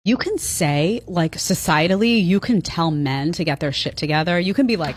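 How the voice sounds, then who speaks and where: Opinionated woman with a husky voice. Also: on the low side, moderate pace, few pauses. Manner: opinionated, animated. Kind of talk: podcast discussion.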